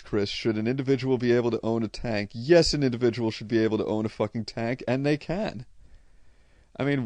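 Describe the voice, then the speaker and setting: A man's voice: medium pitch, darkish tone, no room sound. A man from Connecticut with a New England accent, chatting casually and bluntly, swearing freely as he answers viewer questions. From Connecticut, USA. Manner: profane, blunt, rambling. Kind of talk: casual unscripted chat.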